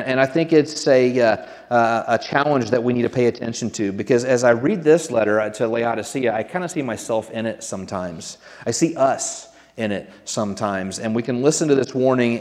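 A man's voice: medium pitch, a little mellow, long reverb tail. A man preaching a sermon to his congregation in an earnest, conversational way, often restarting his sentences. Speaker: pastor.

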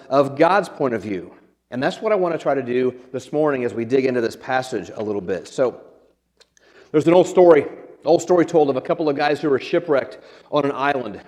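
Male pastor, conversational sermon, wry humor, slightly high voice, long church reverb. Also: a little mellow. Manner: conversational, self-deprecating humor, frequent restarts. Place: church sanctuary.

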